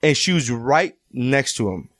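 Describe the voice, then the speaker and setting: Speaking at a measured pace in a medium-pitched voice, this male podcast co-host swears freely as he tells a story and animatedly performs the quotes. There's no echo on the audio.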